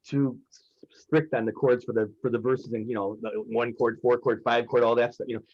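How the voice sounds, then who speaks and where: A man's voice: medium pitch, level tone, brisk. A man interviewing a songwriter, chatty and enthusiastic, with many fillers. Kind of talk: casual interview talk. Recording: dry, dull lo-fi sound.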